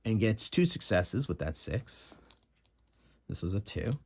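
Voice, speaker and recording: Low husky man narrating a game. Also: very animated, measured pace, darkish tone. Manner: casual, thinking aloud with fillers. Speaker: game master playing solo. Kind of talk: narrating a solo tabletop game.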